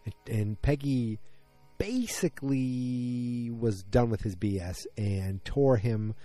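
A man's voice: mid-range voice, slow pace, warm tone, soft background music. A man casually recapping a TV episode, rambling and correcting himself mid-sentence in loose, slangy talk.

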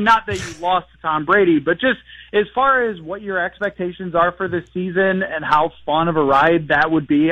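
A man chats about football on sports radio, rambling and joking and laughing. His voice sits high. The sound is dull and lo-fi. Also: no echo. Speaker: football writer and podcast host, guest. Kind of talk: casual sports radio chat.

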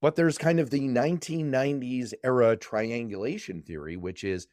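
A man hosting a political discussion panel, quick to joke between serious points. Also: medium pitch, darkish tone, dry recording, clean studio sound. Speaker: podcast host.

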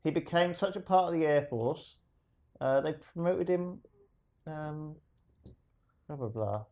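A man with a slightly higher voice chats casually as a co-host. He tells a rambling story full of restarts and reads passages aloud in between. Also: measured pace, darkish tone. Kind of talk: casual chat.

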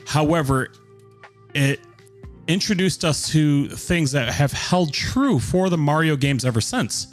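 A man chatting eagerly on a casual podcast, with quick, jokey asides. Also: fairly high pitch, animated, faint music behind. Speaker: podcast co-host or guest. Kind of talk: casual chat.

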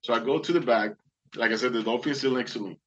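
Man, mid-pitched, earnest testimony storyteller, slightly muffled recording. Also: fast. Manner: earnest, dramatic, acts out voices.

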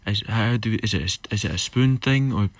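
Scottish dude, deep voice, rambly voice note, dry sound. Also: male voice, fairly quick, dry recording. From Scotland. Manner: rambling, musing, with crude teasing. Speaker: listener sending a voice message. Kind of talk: casual recorded voice message.

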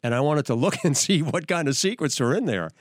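Older man, podcast host, enthusiastic storyteller, very lively pitch, dry studio sound. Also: a little fast, no room sound. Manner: animated, enthusiastic storyteller with frequent restarts. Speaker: host, veteran news anchor.

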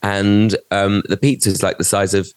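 A man's voice: lowish voice, moderate pace, clear, resonant tone, dry recording, clean studio sound. A man, co-hosting a podcast and telling a story in casual chat. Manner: animated storyteller, acts out quoted voices. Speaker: podcast co-host.

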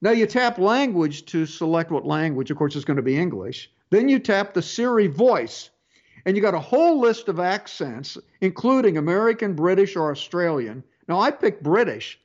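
A man's voice: high-pitched, sing-song, dull audio. A man hosting a tech advice show, talking casually with frequent restarts and fillers. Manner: halting, many restarts and fillers. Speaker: radio tech show host. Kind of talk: casual call-in advice talk.

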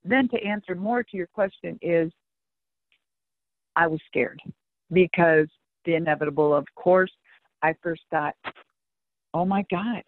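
Middle-aged woman, animated storyteller who swears freely and acts out dialogue, on a thin, dry phone-quality line. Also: medium pitch, no echo. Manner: animated and profane, acting out both sides of conversations. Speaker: interview guest, monster truck driver. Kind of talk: casual storytelling in an interview.

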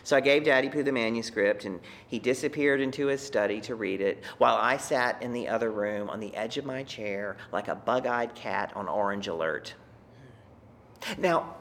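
A man's voice: medium pitch, fairly bright tone. A man in his fifties from Texas telling a personal story in a reflective, conversational way with wry asides.

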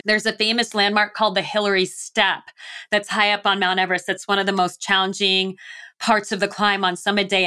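A middle-aged woman from the United States speaks as an interview guest, with a bright, forward tone. She tells her story vividly and slips into the voices of her own thoughts and of the people she quotes. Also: medium pitch, clean tone. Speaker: guest, mountaineer.

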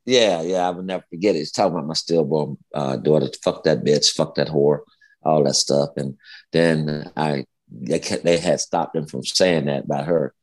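A man in his fifties, a guest on a talk show, telling stories in a profane, animated way and often repeating himself. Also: rumbling low, moderate pace. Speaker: podcast guest, former pro basketball player. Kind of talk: casual storytelling.

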